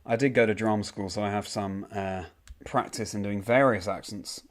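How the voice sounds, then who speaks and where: A man's voice: lowish voice, fairly even intonation, moderate pace. A young man streaming a game, casually reading out and answering chat messages with frequent ums. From United Kingdom.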